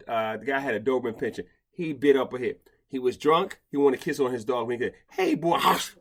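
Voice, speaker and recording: A man hosting a casual podcast chat, talking in rambling bursts with many restarts and stammers. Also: mid-range voice. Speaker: podcast host, dog behavior expert.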